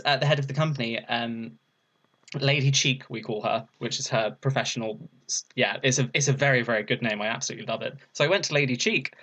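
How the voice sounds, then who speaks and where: A young burlesque performer, appearing as a podcast guest, chats casually and tells a story, laughing a lot and voicing quotes in a higher register. His delivery sounds pushed and bright.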